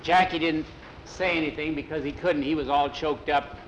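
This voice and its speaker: A man tells a story aloud from memory, steady and unhurried, with an ordinary voice. He keeps tagging lines with "he says" and sometimes trips over a word and starts again. The recording sounds a little dull, with a faint hum of air conditioning behind him. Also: fairly high pitch. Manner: plain, unhurried telling with many "he says" tags and small restarts. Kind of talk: oral storytelling, told from memory.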